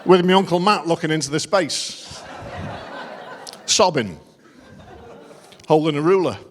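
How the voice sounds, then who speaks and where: Wry middle-aged comedian in a big hall. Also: male voice, a little high, expressive, measured pace, a little hiss or hum. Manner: wry, self-deprecating storytelling. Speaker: after-dinner comedian. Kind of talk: stand-up comedy routine. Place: large conference dinner hall. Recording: long reverb of a large hall.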